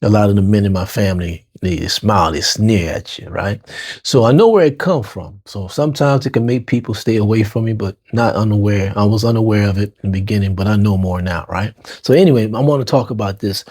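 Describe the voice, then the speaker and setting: A man's voice: lowish voice, brisk, darkish tone, breathy edge. New Orleans man telling his story. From New Orleans, Lower Ninth Ward. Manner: casual, street-slang phrasing, talks to listeners as y'all. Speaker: podcast host. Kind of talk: personal storytelling monologue.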